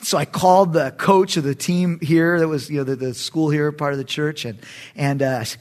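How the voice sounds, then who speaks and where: A middle-aged man, a pastor preaching a sermon in an animated, emphatic way, with sudden loud bursts. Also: a little high, normal speed.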